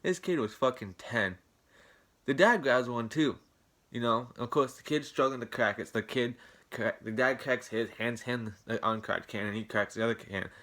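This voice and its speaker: A man's voice: medium pitch, moderate pace, fairly bright tone. A young man telling a storytime tale to camera, rambling and indignant, swearing often. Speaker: vlogger. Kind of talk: casual storytime rant.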